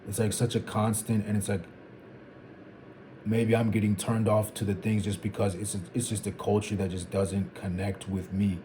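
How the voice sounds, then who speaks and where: A man's voice: on the low side, little pitch movement, normal speed, mellow, a little hiss or hum. A young man from Zimbabwe thinking aloud in a reflective vlog, meandering and repeating phrases as he works through his thoughts. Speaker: vlogger. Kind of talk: reflective solo talk to camera.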